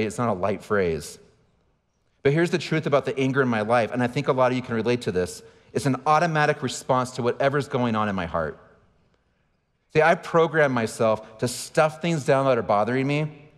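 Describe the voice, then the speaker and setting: A man's voice: mid-range voice, animated, fairly quick. A pastor in his forties giving a sermon, telling candid, self-deprecating stories with asides to the congregation. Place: large church auditorium. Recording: long hall reverb.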